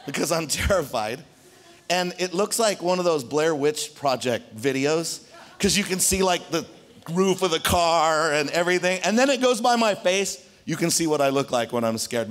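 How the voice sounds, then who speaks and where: Male pastor, sermon delivery, raised pitch, lively storytelling to a church crowd. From Arizona, United States. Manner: animated storytelling, addressing the congregation directly. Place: church hall.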